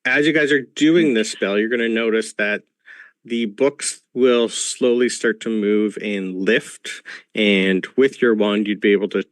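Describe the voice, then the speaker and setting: A man's voice: lowish voice, measured pace, no echo. Patient man lecturing as game master. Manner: patient, lecturing, many ums. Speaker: game master playing a professor. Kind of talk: narrating a tabletop game over a video call. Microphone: video call.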